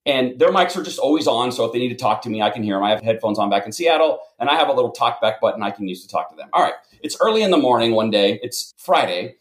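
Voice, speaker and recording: Fast-talking man telling stories, roomy sound. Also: medium pitch. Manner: lively storyteller, self-deprecating. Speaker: guest storyteller. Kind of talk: casual anecdote telling. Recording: roomy echo.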